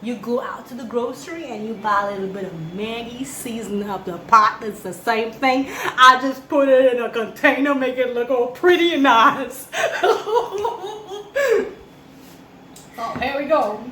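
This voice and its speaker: Jokey high-voiced Trinidadian woman. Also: moderate pace, few pauses, bright, forceful tone, slight background noise. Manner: jokey, giggly, chatty. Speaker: cooking vlogger. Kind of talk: casual cooking demo. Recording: echoey room with faint ambience.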